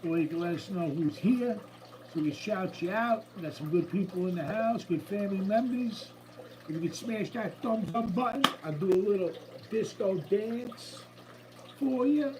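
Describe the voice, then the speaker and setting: A man with a high-pitched voice hosts a relaxed live stream from his room at home, chatting upbeat and easy with his viewers. A tank's running water trickles faintly behind him. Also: moderate pace, slight background noise, low-quality recording. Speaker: livestream host. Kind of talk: casual live-stream chat. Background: faint running water from a tank.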